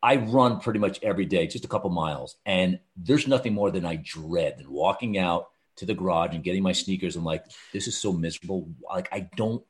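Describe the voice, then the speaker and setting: A man hosts a relaxed podcast conversation, upbeat and encouraging. His voice sits a little low, and his talk is loose and full of fillers. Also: fairly quick, few pauses. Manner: enthusiastic, encouraging, lots of fillers.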